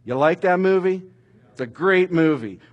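A middle-aged man preaching a sermon, telling stories with animated emphasis that rises toward shouting at dramatic moments. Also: high-pitched, moderate pace, dull audio. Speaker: pastor.

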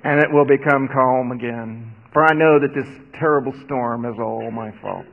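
An earnest prophet speaks in a declaring tone, as a preacher reads him. The sound is muffled and echoes as if in a large hall. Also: male voice, medium pitch, moderate pace, gravelly. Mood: solemn. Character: solemn prophet Jonah, a grown man. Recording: dull, echoey hall recording.

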